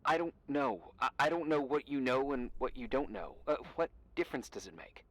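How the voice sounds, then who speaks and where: A man's voice: mid-range voice, expressive, moderate pace, a bit bright, dry recording. An actor playing a nervous young man on a radio who stammers and apologizes. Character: nervous, friendly young male radio contact.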